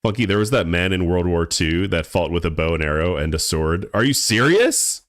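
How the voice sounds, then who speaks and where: Low-voiced laid-back male streamer. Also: animated, normal speed, dry recording, studio quality. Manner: laid-back, rambling, stumbles and repeats words. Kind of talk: casual live-stream chat while gaming.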